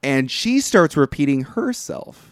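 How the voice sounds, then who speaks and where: A man's voice: fairly high pitch, measured pace, no echo, studio quality. Profane man recapping a movie. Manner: rambling, profane, animated retelling. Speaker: podcast co-host. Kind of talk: casual movie recap chat.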